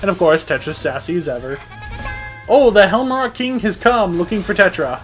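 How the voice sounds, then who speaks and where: Excitable, sarcastic gameplay commentator. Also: medium pitch, normal speed, soft background music. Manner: excitable, sarcastic, laughs often. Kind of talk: casual let's-play commentary.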